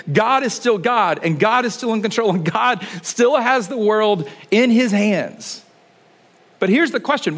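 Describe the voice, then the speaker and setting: A man preaching a sermon in a conversational way, full of rhetorical questions, often dropping to a quiet, low delivery for emphasis. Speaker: pastor.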